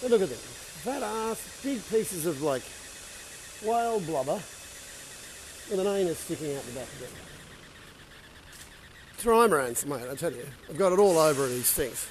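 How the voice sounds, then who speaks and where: An older man shows off a boatyard in his vlog, talking fairly quickly with lively intonation in a voice on the high side. He's crude and jokey, cursing as he goes, and slight background noise comes through from the shipyard.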